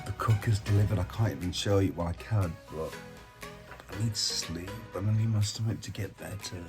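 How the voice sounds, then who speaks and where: A man's voice: deep voice, moderate pace, poor audio. A middle-aged man vlogging casually while unwell and weak, chatty and sorry for himself. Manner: chatty, self-pitying. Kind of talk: casual vlog chat. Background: background music.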